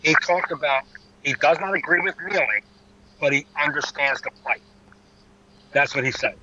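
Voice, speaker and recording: A man's voice: fairly high pitch, moderate pace, muffled recording, background noise. A man hosting a podcast, telling a story in a casual, profane and mocking way. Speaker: podcast host, comedian.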